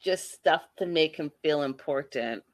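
A woman hosting a casual live-stream recap of a reality show, talking to viewers in a sassy, animated, exasperated way. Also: low-pitched, unhurried, dry recording.

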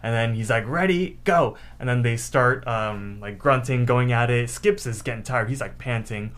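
A man's voice: mid-range voice, steady tone, moderate pace, a bit bright. A man co-hosting a podcast, retelling a cartoon episode in a loose, rambling way with swearing. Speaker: podcast co-host. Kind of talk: casual chat recapping a cartoon episode.

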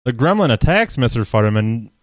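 A man's voice: mid-range voice, a little fast, no echo. Dry-voiced man recapping a movie. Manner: recaps the plot with deadpan jokes and laughs. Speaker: podcast co-host. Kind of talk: casual movie recap chat.

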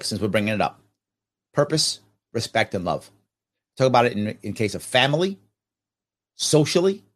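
Animated man with a lively voice. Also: medium pitch. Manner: animated and emphatic, asks himself rhetorical questions. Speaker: podcast host answering viewer comments. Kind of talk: casual livestream talk.

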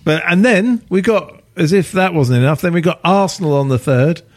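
A man hosting a football podcast, relaxed and teasing as he steers the chat. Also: a little high, moderate pace. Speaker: podcast host.

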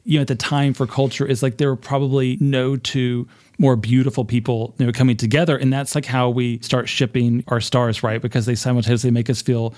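A man's voice: mid-range voice, flat delivery, a little mellow. A man from Arkansas co-hosting a podcast, chatting casually with many "like"s and restarts. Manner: fast, full of fillers like "like" and "I mean". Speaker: podcast co-host. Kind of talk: casual pop-culture chat.

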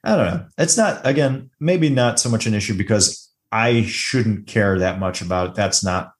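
A man's voice: on the low side, moderate pace. A man co-hosting a podcast, chatting casually about a film, joking and acting out quotes as he talks. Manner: animated, joking, acts out quotes. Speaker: podcast co-host. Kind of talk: casual film review chat.

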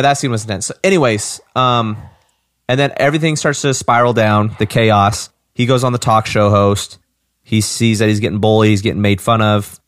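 A man with a lowish voice talks over a movie in an easygoing, halting way, restarting and repeating words. The sound is dry and close. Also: fairly bright tone, no room sound. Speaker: podcast co-host. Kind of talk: casual movie discussion.

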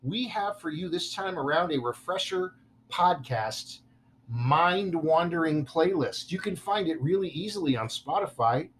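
A man's voice: fairly high pitch, animated, a little slow, a bit bright, slight background noise. A man hosting a casual podcast, joking and stumbling over his words now and then. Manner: playful, self-deprecating, stumbles over words. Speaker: podcast host.

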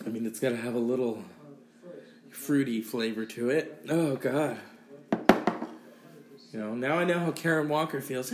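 A man's voice: a little high, expressive, unhurried, long pauses, a bit bright, echoey room. A man hosting a casual solo podcast, rambling and swearing freely between sighs, with a sore throat. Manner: rambling, profane, sighing between sips. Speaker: podcast host.

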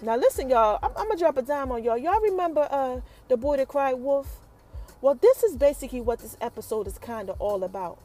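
A woman casually recapping a TV episode for her viewers, chatty and animated, who keeps calling out to them. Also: sits high, brisk, faint music behind.

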